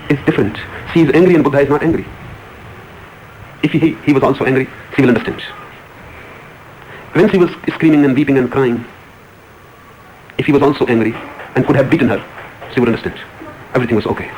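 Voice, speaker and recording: Male spiritual speaker, brisk emphatic storytelling, light background noise. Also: mid-range voice, darkish tone, dull audio. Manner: emphatic, repetitive, rising emphasis on key words. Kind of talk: storytelling discourse.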